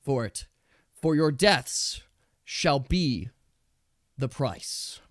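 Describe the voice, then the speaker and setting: A man voicing a stern tribal empress who speaks solemnly and deliberately. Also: medium pitch, animated, no echo, clean studio sound. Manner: solemn, measured.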